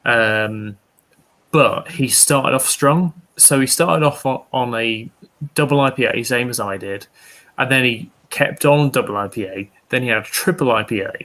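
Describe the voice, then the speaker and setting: A man's voice: mid-range voice, normal speed, fairly bright tone. Rambling man telling pub stories. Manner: rambling anecdotes full of restarts and swearing. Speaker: beer reviewer streaming with friends. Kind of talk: casual storytelling on a live stream.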